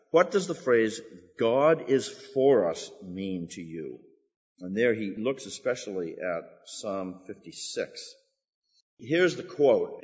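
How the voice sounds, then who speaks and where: A man teaching a church study group as its pastor, earnest and emphatic, asking questions and answering them himself. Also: mid-range voice. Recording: echoey hall, dull lo-fi sound.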